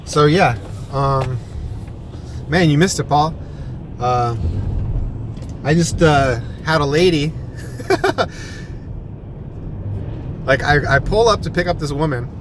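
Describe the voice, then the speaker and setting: A man's voice: on the high side, slow pace, long pauses, noisy background. A man who drives for a rideshare service, rambling through a story in casual chat on a phone camera vlog. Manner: rambling storytelling with many restarts. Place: in a car and at a sandwich shop.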